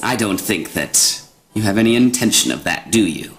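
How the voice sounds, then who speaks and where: A man putting on a wicked old hag who taunts her listener, her pitch leaping up and down as she cackles between threats. She sounds low and sly one moment and shrill the next, and the sound is a storytelling game at the table. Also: lively intonation, normal speed, creaky, fairly bright tone, faint music behind, rough recording. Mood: mocking. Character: cruel scheming old female hag.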